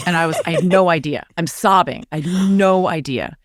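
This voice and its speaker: A woman's voice: fairly low pitch, normal speed, slight background noise. A woman in her forties, a podcast guest, telling a candid personal story in an earnest, confiding way. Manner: earnest, confiding, animated retelling with quoted voices.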